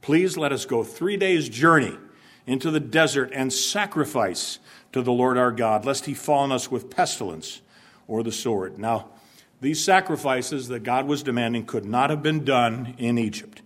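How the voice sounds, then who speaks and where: With a medium-pitched, slightly bright voice at a moderate pace, a male pastor delivers a church sermon. He questions his listeners and dramatizes harsh warnings to press the message home.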